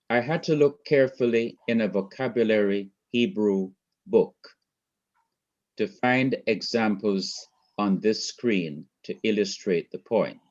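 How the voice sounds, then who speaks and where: A man's voice: lowish voice, a little mellow. A man with a Jamaican accent teaching Hebrew grammar in a recorded lecture over slides, methodically repeating terms and counting syllables aloud. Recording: dull lo-fi recording.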